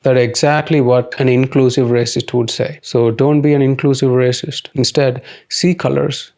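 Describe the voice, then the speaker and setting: A man delivering a dry, deadpan comedic monologue as narrator. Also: medium pitch, normal speed.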